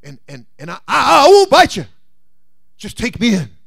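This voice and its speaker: A man's voice: very high voice, huge pitch swings, moderate pace, gravelly, a bit bright, voice pushed up, exaggerated voice. A man voicing a sly talking snake that stands for the devil, whining and begging to be taken in from the cold. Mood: wheedling. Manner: wheedling, whining, promising.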